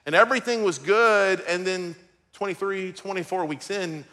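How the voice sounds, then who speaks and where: Bright-voiced, high-pitched male pastor preaching. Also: normal speed. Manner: storytelling, emotional, shifting from loud to hushed. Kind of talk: sermon.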